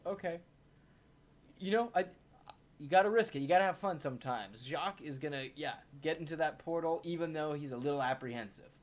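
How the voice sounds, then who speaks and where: A woman's voice: low voice, a little fast. A woman playing a tabletop game, hesitant and thinking aloud. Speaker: player. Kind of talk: casual tabletop play.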